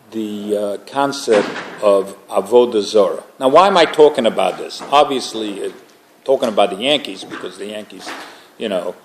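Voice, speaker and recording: A man's voice: lowish voice, a little mellow, slight background noise. A man teaching an informal religious class, talking conversationally and making joking asides to the group.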